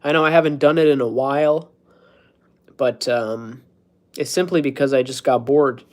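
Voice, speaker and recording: A man's voice: mid-range voice, normal speed, a little mellow. Rambling, joking man streaming live. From United States. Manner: joking, self-mocking, laughs at his own jokes. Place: at home, indoors.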